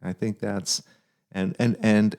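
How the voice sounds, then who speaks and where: A man's voice: on the low side, level tone, slow pace, a little mellow. A middle-aged man hosting a casual podcast, giving earnest dad advice and often repeating his phrases.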